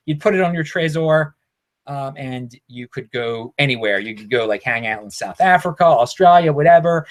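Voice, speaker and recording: A man with a Baltimore accent hosting a casual vlog, rambling and excitable with frequent restarts. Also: on the high side. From Baltimore, United States. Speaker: cryptocurrency video host.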